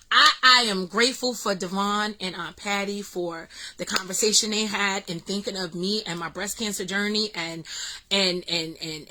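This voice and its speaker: A middle-aged woman, excitedly telling a story to her vlog audience with lots of fillers. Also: mid-range voice, poor audio. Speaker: vlog host.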